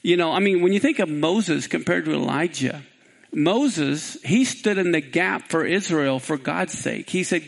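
A man preaching a sermon, retelling the scripture story with animation and then dropping into a lower, conversational tone for commentary. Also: measured pace, vocal fry. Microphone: live-streamed.

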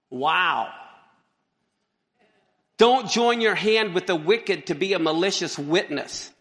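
Animated joking pastor, man, gravelly voice, preaching in a reverberant sanctuary. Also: sits high, unhurried, pauses often. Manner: animated, joking, exclaims and laughs often. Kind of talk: sermon. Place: church sanctuary. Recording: long hall reverb.

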